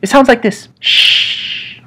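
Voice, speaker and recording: Animated young man telling a comic story. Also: brisk, noisy background. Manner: animated, swings between low mutters and high squeals. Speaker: comedy storyteller.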